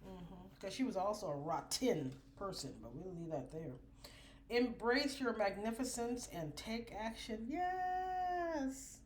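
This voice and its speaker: Slow, preachy woman reading oracle cards. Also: mid-range voice, animated. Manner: drawn-out, preachy, affirming. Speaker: oracle card reader. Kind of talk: spiritual card reading.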